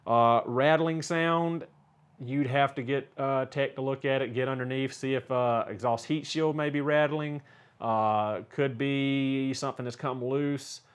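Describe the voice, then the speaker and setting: A man's voice: mid-range voice, fairly even intonation, a little slow, clean tone. A middle-aged man with a Southern US accent, a car mechanic answering viewer questions in a casual, rambling way, full of "uh" fillers. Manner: folksy, rambling, frequent "uh" fillers. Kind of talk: casual Q&A talk.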